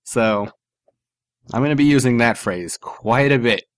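A man's voice: medium pitch, measured pace, dry recording. Sarcastic man on a dry mic. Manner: animated, sarcastic, laughs often. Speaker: podcast co-host. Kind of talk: casual podcast banter.

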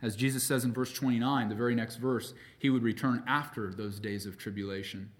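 A man preaching a sermon as pastor, emphatic, swinging between loud peaks and quiet drops, calling his listeners friends. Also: medium pitch, steady tone, a little fast. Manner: addresses the congregation as friends.

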